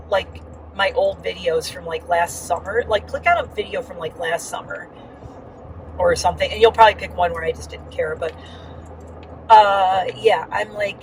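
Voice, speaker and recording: A woman's voice: medium pitch, recorded from a distance, background noise. A woman giving a casual, rambling vlog update with lots of fillers, talking while riding in a car. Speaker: vlogger.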